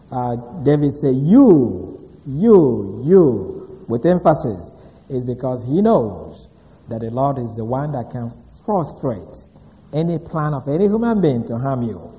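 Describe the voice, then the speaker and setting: A male pastor preaching a sermon, stressing single words emphatically. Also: mid-range voice. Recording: dull reverberant hall recording.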